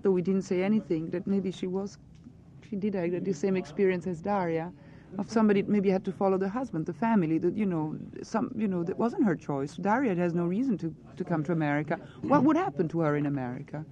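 A woman's voice: on the low side, fairly quick, mellow, dull audio. A woman answering questions as an actress in a press interview, earnest and searching for her words.

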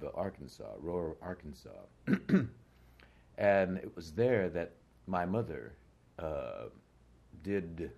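A deep-voiced older man from the United States speaks as an interview guest, his tone slightly husky. He reflects on his past in an unhurried, thoughtful way, pausing often with fillers and restarts. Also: warm tone. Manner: reflective, hesitant with many fillers. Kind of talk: conversational interview.

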